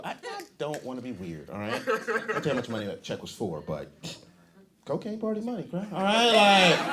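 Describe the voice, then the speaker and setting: A male stand-up comedian with a high voice that jumps around constantly, riffing with the audience and laughing at his own jokes. He talks loose and profane on a club stage, into a handheld mic. The taping is full of crowd laughter and clear room noise. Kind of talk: stand-up set.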